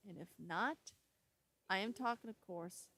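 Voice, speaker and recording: A woman hosting a casual storytelling video, halting and stumbling as she reads her notes aloud. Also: mid-range voice, gravelly, a bit bright, rough recording. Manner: many fillers and restarts. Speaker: storytelling channel host. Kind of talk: casual spoken intro to a scary story.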